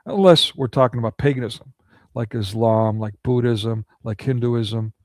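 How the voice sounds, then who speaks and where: A man's voice: mid-range voice, normal speed, a little mellow, no echo. A man delivering a ranting monologue of political commentary, indignant and full of rhetorical questions.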